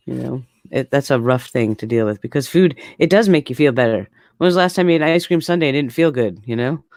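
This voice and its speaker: A woman's voice: a bass voice, darkish tone, no echo. A candid woman in her forties chatting casually as a co-host. She laughs easily between thoughts. Her voice sits close and dry, with no room sound around it. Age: 40s. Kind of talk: casual chat.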